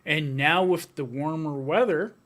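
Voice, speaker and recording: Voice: mid-range voice, a little slow, a bit bright. A co-host in casual chat who laughs often and talks playfully.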